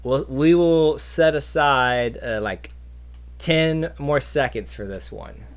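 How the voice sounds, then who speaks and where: A man's voice: a little high, slow pace, smooth. A man hosting a live trivia stream in casual chat, rambling onto tangents. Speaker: trivia host.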